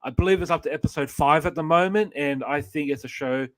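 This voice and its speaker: A man's voice: fairly high pitch, fast, fairly bright tone, dry recording. A man co-hosting a live show, chatting casually and gushing with praise about a series. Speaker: co-host. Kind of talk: casual pop-culture chat.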